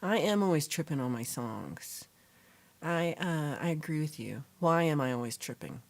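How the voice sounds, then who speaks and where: An animated woman with a low voice speaks at normal speed as she hosts a casual livestream chat. She reads viewer comments aloud and responds, rambling with fillers and self-corrections.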